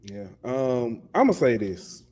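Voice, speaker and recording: A man's voice: mid-range voice, sing-song, slow, darkish tone. A man co-hosting a sports podcast, ranting passionately in casual talk and often repeating words. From lives in Alabama. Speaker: podcast co-host.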